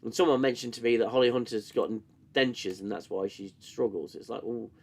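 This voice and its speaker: Brisk and steady, this host has a medium-pitched, slightly mellow voice. He offers sarcastic, profane live-stream commentary on a TV show, reading chat and mocking scenes between bouts of coughing.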